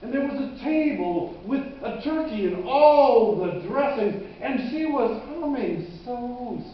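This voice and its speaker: A man preaching a sermon, telling a vivid story with halting restarts. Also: extremely high pitch, animated, slight background noise. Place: church. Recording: echoey church hall from a distance, dull sound.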